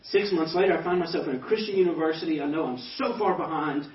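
A pastor giving a personal testimony to a banquet audience, telling it as animated stories with self-deprecating humor. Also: male voice, fairly high pitch, fast talker. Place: banquet hall. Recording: echoey hall, distant mic, dull sound.

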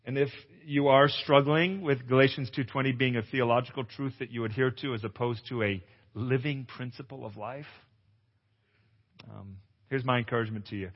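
Animated male pastor in an echoey hall. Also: medium pitch, moderate pace. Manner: animated storyteller who acts out dialogue and exclaims loudly. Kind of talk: testimonial sermon. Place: conference hall. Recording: echoey hall, dull lo-fi sound.

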